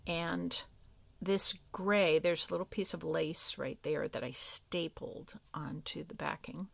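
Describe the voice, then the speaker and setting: Woman crafter, low and unhurried, gravelly, soft rambling show-and-tell. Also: dry recording. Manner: soft, meandering, thinking aloud with many fillers. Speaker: craft vlogger.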